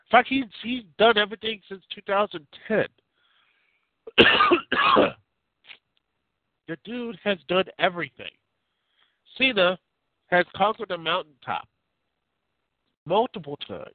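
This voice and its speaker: A man's voice: high voice, very animated, slow pace, long pauses, no room sound. A man hosting a casual call-in talk show, giving rambling, opinionated takes full of fillers and restarts. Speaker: podcast host. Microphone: phone line. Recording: tinny phone-line audio.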